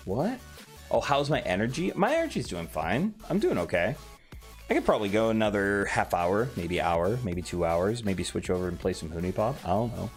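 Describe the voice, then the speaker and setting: A man's voice: deep voice, darkish tone. A man casually chatting on a late-night stream, reading chat aloud and swearing offhandedly. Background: faint background music.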